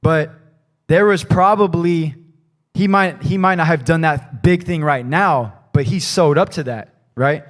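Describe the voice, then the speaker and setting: Casual higher-pitched male preacher. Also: moderate pace, few pauses. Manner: casual, rambling, peppered with "like" and "right?". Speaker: pastor. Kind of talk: conversational sermon. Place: church.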